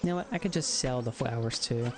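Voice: medium pitch, fast talker, noisy background. A gaming streamer giving live-stream commentary, muttering to themselves, counting aloud and swearing when things go wrong. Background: game music.

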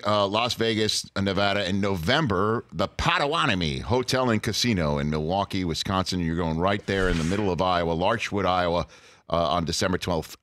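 A man hosting a talk show from a studio, giving brisk plugs and short replies. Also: deep voice, fairly bright tone, dry recording. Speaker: show host.

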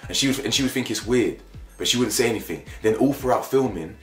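A young man delivers opinion commentary straight to camera. He is emphatic and repeats himself for effect, and his voice leaps upward when he gets worked up. The sound bounces around a roomy space, with soft music running underneath. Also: mid-range voice, fast talker. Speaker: YouTube commentator. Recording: echoey room with faint music bed.

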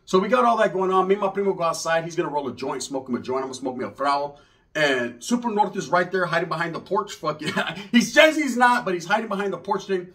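A comedian from Northern California telling a comic story in loose, slangy speech. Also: male voice, high-pitched, expressive, fast, fairly bright tone. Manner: loose, slangy, conversational delivery.

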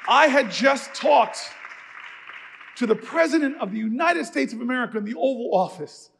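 A man giving a preacher-style keynote speech in a church, telling a story that builds to shouted, rhythmic refrains. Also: very high voice, lively intonation, moderate pace, gravelly, a faint crowd, a little hiss or hum. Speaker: keynote speaker. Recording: reverberant church hall.

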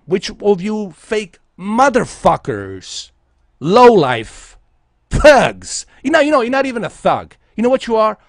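A man's voice: high voice, wildly swooping pitch, a little slow, no room sound, studio quality. A man from Bosnia, a game streamer delivering an aggressive, profane, taunting livestream rant at his viewers.

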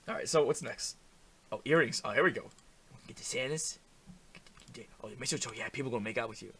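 A young man hosting a comedic game commentary, manic and goofy, swinging between loud outbursts and low breathy mutters. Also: a little fast, pauses often. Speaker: gaming channel host.

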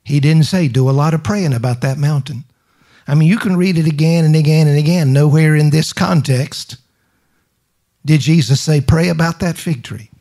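Emphatic preacher with a higher voice. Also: male voice, moderate pace, dark tone. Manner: emphatic preaching with call-and-response to the congregation; rhetorical questions and repetition. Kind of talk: sermon.

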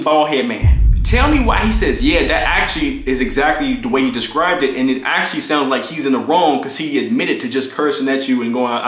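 A young man telling a storytime vlog story, animated and profane, acting out the quoted lines as he goes. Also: medium pitch. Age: young adult. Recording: echoey room.

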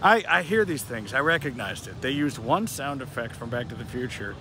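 A man vlogging outdoors on city streets, excitable and joking as he walks and talks. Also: medium pitch, fairly quick. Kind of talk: casual vlog walk-and-talk. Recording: street noise, passing traffic.

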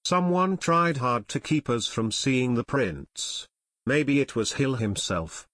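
Audiobook: excitable young sleuth read by a man; dry, close mic. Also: medium pitch, takes it slowly, dry recording. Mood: excited. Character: eager, excitable teenage boy detective.

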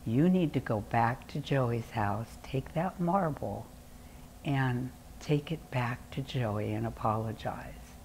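A calm, gentle mother from a storybook tale, soothing and instructive, as a grandmother reads her part. The voice is low and unhurried. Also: slight background noise, exaggerated voice, low-quality recording.

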